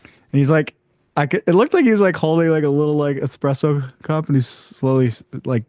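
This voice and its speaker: A man co-hosting a podcast, retelling a dream in casual chat, halting and full of fillers. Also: a little high, a little mellow, no room sound, studio quality. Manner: halting, many "like" fillers, laughs through the story. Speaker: podcast co-host.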